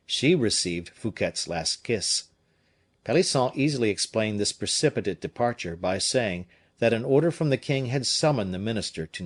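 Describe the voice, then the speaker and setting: Guy reading an old adventure novel aloud, steady measured pace, audiobook style. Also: fairly low pitch. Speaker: audiobook reader. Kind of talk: scripted audiobook narration.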